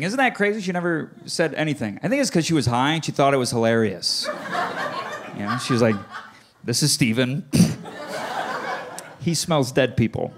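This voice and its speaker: With background noise and crowd laughter in this live club recording, a man performs stand-up, animatedly telling stories and exaggerating the voices of family members. His pitch is fairly high.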